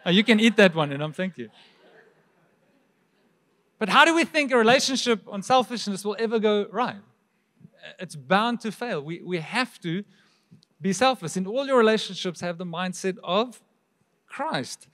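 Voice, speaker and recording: A man's voice: high-pitched, expressive, moderate pace, long pauses, bright, forceful tone. A man preaching a sermon as pastor, with a South African accent, talking to the congregation in an easy, conversational way and throwing out rhetorical questions. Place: church hall.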